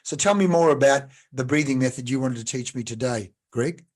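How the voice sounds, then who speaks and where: A man, hosting a casual interview and telling lively anecdotes. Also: medium pitch, fairly quick. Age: 60s. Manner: chatty, animated anecdotes. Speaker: podcast host.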